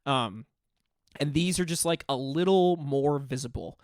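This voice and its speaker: A man in a middle register runs a tabletop game, narrating the scene in a relaxed, filler-heavy way. His voice sits close and dry on the mic, with no room around it. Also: mid-range voice, measured pace, dry recording. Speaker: game master.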